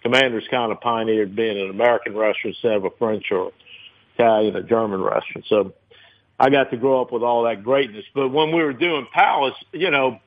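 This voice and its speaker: A New Orleans restaurateur in his fifties, appearing as a guest in a casual interview, tells rambling stories packed with fillers. His voice is mid-range and a little fast, and it comes through a tinny phone line.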